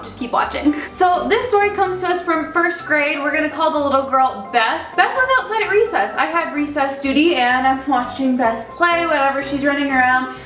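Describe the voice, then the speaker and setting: A young woman with a high voice tells a chatty, animated story in a casual vlog and acts out the people in it. She sounds echoey and a little far from the mic, with faint music behind her. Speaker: vlogger, daycare worker.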